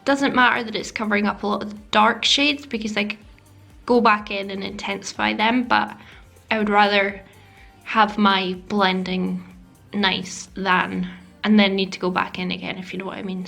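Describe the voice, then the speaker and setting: A woman's voice: mid-range voice, steady tone, normal speed, vocal fry, fairly bright tone, soft background music. A woman narrating a makeup tutorial voice-over, chatty and self-deprecating, sometimes dropping to a whisper. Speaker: beauty vlogger. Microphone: voice-over mic.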